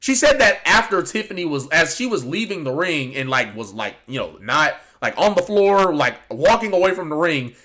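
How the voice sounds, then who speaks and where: A man's voice: a little high, animated, moderate pace, hardly any pauses, fairly bright tone. A man giving casual, rambling reaction commentary on a show, with lots of fillers and restarts. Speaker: wrestling commentary YouTuber.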